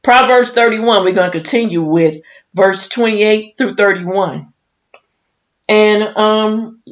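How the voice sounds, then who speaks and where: A middle-aged woman from Chicago giving a heartfelt, emotional Mother's Day tribute on the radio, with folksy asides and scripture. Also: fairly low pitch. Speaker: radio guest speaker.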